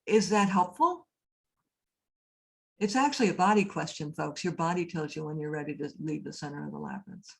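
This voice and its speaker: A woman priest and labyrinth teacher gives a conversational talk at a cathedral speaker event, telling stories and often asking her audience questions. Her voice is low-pitched and gravelly, and she talks fast with few pauses.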